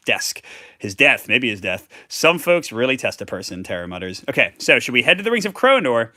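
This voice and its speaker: A man's voice: mid-range voice, bright, forceful tone, no echo, studio quality. A man hosting a live tabletop game playthrough, reading cards aloud with chatty asides. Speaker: host.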